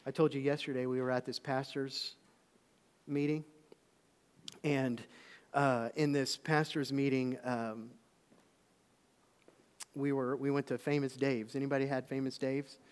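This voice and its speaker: A man preaching a sermon, telling stories with lively swings between loud calls and hushed asides. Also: mid-range voice, unhurried, long pauses, smooth. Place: church auditorium. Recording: long reverb of a large hall.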